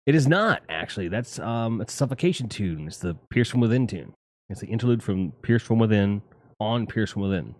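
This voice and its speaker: A man hosting a live stream, talking casually and profanely about heavy music in rambling, animated asides. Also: lowish voice, fairly quick, no room sound, clean studio sound. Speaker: streamer host.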